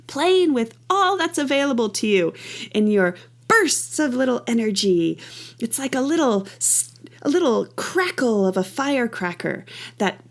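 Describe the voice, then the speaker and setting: Middle-aged female dance teacher, unhurried and gravelly, counts beats, makes playful rhythm sounds. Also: fairly high pitch, very animated. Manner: enthusiastic, playful. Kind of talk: guided movement class.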